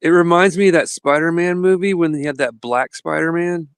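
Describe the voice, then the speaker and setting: A man hosting a podcast, chatting casually and telling animated stories with frequent laughter. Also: on the high side, fairly quick, clear, resonant tone, dry recording. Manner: animated storyteller, laughs often. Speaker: podcast host. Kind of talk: casual chat.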